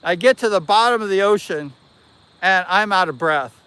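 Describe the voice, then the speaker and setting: Man, livestream host, high voice, clear and smooth, rambling casual anecdote. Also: moderate pace. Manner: animated, rambling anecdote with self-corrections. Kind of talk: casual storytelling.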